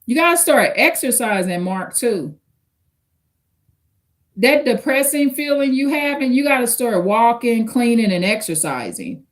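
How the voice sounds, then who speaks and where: A woman's voice: a little high, sing-song, unhurried. A woman, chatting casually on a livestream, reading viewer comments and giving blunt advice straight to the camera. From United States. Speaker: livestream host.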